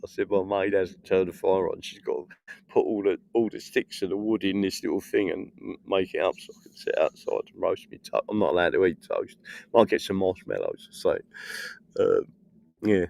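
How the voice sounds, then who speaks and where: A middle-aged Englishman with a low, gravelly, slightly mellow voice talks at normal speed on a casual political livestream. He's outdoors in a festival field in the evening, rambling through stories, swearing, and laughing at his own jokes.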